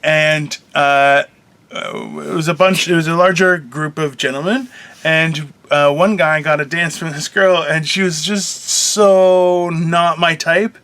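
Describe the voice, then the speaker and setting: A man's voice: fairly high pitch, fairly even intonation, slow pace, fairly bright tone, clean tone. A man co-hosting a casual chat show, telling rambling, profane stories with lots of laughter. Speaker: co-host.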